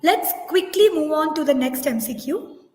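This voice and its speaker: Woman, high voice, webinar presenter, explains step by step, echoey room, long reverb. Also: animated, normal speed, mellow. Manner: explanatory, reads out poll results, self-corrects. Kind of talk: online teaching webinar.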